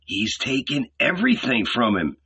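A man's voice: mid-range voice, very animated, moderate pace, bright, forceful tone, slightly rough, full character voice. A man reading a brooding, hard-eyed disciple. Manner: brooding inner muttering. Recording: dull lo-fi recording.

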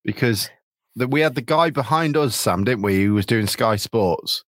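A man's voice: mid-range voice, lively intonation, normal speed, a bit bright, dry recording. A man from England hosting a casual football podcast over a video call, chatty, with many ums, restarts and laughs. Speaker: podcast host.

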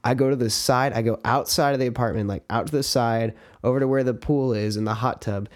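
A man's voice: mid-range voice, fairly even intonation, fairly quick. A man co-hosting a podcast, telling a rambling drinking story in casual chat, full of swearing and acted-out lines from his friends. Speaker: podcast co-host.

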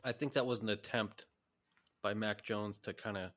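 Low-voiced man in casual sports chat. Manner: animated, rapid opinions, frequent restarts. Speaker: podcast co-host.

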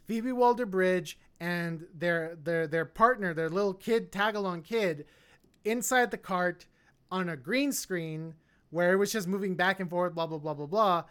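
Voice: mid-range voice, a little slow, fairly bright tone, clean tone. A co-host talks through a film review in loose, casual chat. The speech is full of fillers and restarts. The opinions come out blunt and unhedged. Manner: rambling, many fillers and restarts. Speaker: podcast co-host.

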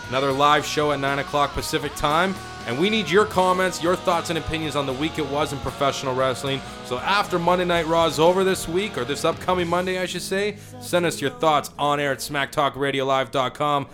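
A man's voice: fairly high pitch, brisk, hardly any pauses. Male co-host, joking wrestling radio banter, music bed behind. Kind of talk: casual radio chat.

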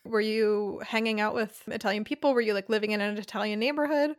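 A woman's voice: mid-range voice, fairly even intonation, fast, clear, resonant tone. A woman interviewing a guest, asking friendly, curious questions in a casual conversation.

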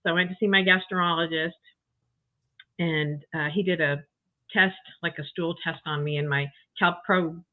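An older woman telling her health story in a chatty, emotional way as an interview guest, full of restarts and asides. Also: fairly low pitch. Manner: chatty, emotional, frequent you-knows and restarts. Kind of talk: casual personal story. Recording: tinny phone-like call audio.

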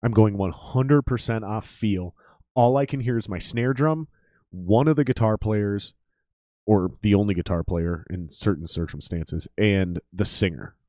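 A man with a low-pitched voice chats on a podcast about life as a drummer. He tells stories loosely and profanely and acts out the voices of the people in them. The sound is dry and close-miked. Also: a little slow, no room sound. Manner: profane, animated storytelling with quoted voices. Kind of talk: casual podcast chat.

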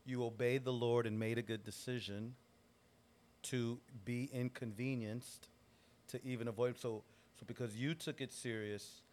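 A man's voice: mid-range voice, steady tone, a little slow, darkish tone. A man co-hosting a Christian podcast who chimes in with short encouraging replies and sums up the point. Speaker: podcast co-host. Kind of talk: casual chat, affirming interjections.

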